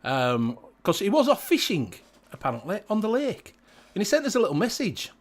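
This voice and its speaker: A man's voice: high-pitched, huge pitch swings, moderate pace. A middle-aged man with a Yorkshire accent hosting a casual live stream, jokey and laughing, swearing freely. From Yorkshire, England. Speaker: host.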